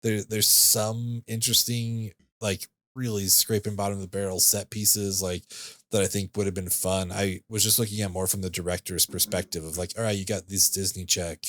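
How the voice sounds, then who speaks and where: A man's voice: on the low side, little pitch movement, moderate pace, a bit bright. A man co-hosting a podcast, chatting casually about a movie in a laid-back, rambling way with lots of fillers. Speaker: podcast co-host. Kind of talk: casual film review chat.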